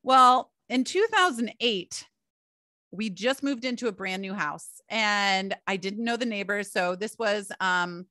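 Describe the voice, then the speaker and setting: Woman, middle-aged, podcast host, chatty storytelling, bright voice, dry close sound. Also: mid-range voice, expressive, measured pace, no room sound. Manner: chatty, storytelling, addresses listeners as "you guys" and "y'all". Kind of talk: solo podcast monologue.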